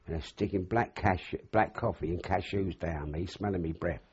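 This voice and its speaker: In an oral history interview, an older man rambles through anecdotal memories, acting out the dialogue as he goes. His husky voice sits low at normal speed, on a dull lo-fi recording.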